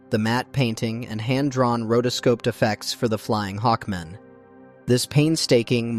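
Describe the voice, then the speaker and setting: A man reading scripted documentary narration in a measured, even storytelling manner, as a close studio voice-over. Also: medium pitch. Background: faint background music.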